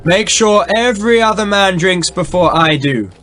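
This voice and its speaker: A man voicing a brisk young English prince who snaps out quick orders on the battlefield. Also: high-pitched, sing-song, a bit bright, faint music behind, pitched above the performer's own voice, full character voice.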